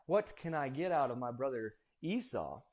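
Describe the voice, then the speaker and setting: A man's voice: mid-range voice, lively intonation, moderate pace, darkish tone, natural voice. Man voicing a sly younger brother, scheming, plain voice.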